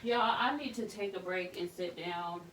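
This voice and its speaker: A woman in her thirties with a bright, forward voice talks to her followers while tidying her bedroom. She tells candid stories with slang and plenty of feeling, sounding pregnant and a little worn. Her voice sits a bit away from the camera across the room. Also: on the low side, normal speed, recorded from a distance, slight background noise. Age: 30s. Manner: candid, animated storytelling with slang. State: pregnant, back aching. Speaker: vlogger. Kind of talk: casual chat while tidying. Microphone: camera set up across the room.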